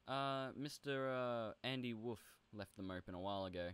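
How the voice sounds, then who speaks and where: A young man chatting playfully while playing a role-play game, often jumping into high goofy bits. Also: normal speed, fairly bright tone, clean tone. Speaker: gaming video host. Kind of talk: casual role-play commentary.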